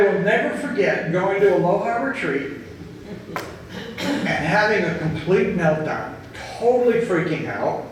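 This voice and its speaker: A man giving an earnest inspirational talk to a gathered group, telling stories slowly and with emphasis. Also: high-pitched, big pitch swings, a little hiss or hum. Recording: echoey hall, distant mic.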